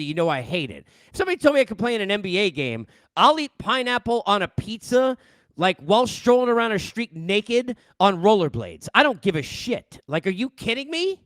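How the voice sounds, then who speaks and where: A man's voice: high voice, sing-song, a little fast, fairly bright tone, no room sound. A middle-aged man from New York, a sports host, ranting casually into a headset mic with exasperated rhetorical questions.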